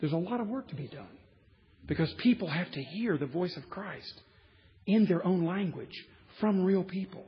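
A man's voice: high voice, lively intonation, moderate pace, in a large hall, dull audio. A man preaching a sermon in a conversational way, building to emphatic points and dropping wry asides.

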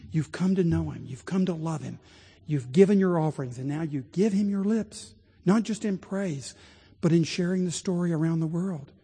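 A pastor preaches to his congregation in a large church, rising to emphatic points and then sinking into a hushed prayer. His voice is high-pitched with a breathy edge, and the recording carries a long hall reverb.

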